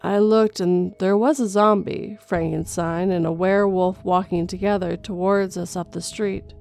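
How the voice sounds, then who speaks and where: A woman reading a first-person horror story in a steady storytelling voice, going gentle for a mother's lines. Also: medium pitch, normal speed, creaky, few pauses. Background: faint music.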